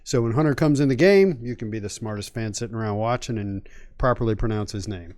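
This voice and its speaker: A man's voice: lowish voice, quick pace, a little mellow, no room sound. A man co-hosting a sports podcast, leading topics in a casual, conversational way and thinking aloud. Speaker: podcast co-host.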